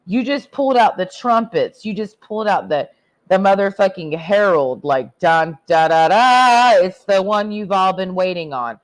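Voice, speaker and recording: A woman's voice: mid-range voice, expressive, normal speed. A woman livestreaming a blunt, crude, rambling rant while tipsy from drinking. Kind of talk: profane ranting livestream monologue.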